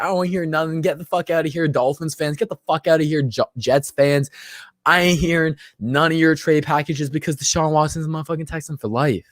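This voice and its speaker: A man's voice: on the high side, fairly even intonation, a little fast, dry recording. Young man, tipsy, casual livestream host, loose banter, dry close sound. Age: 20s. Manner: loose, tipsy banter reading out chat comments.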